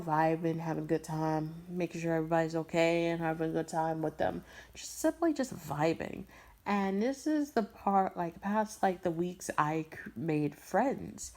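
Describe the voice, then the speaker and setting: A young woman from Brooklyn, New York, who creates voice impressions, speaks in a fairly low, darkish voice. She rambles through a casual story, repeating herself and sprinkling in slang and frequent little laughs.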